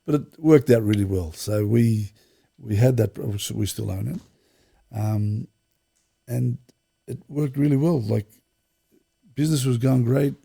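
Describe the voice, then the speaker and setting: A man's voice: medium pitch, unhurried, vocal fry, mellow, slightly rough. A middle-aged man, telling long rambling anecdotes as an interview guest, restarting sentences and acting out quoted dialogue. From Australia. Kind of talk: casual storytelling interview.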